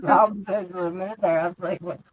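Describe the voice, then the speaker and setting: A woman's voice: fairly low pitch, steady tone, normal speed, a little hiss or hum, poor audio. A woman in her thirties chatting casually on a stream, rambling through stories, swearing and laughing often. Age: 30s. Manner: laughing, crude, rambling storyteller. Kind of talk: casual group chat.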